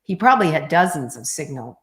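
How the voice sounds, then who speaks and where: A middle-aged woman guest in a casual interview, talking bluntly and joking fast. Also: low voice, very animated, a bit bright. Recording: roomy echo.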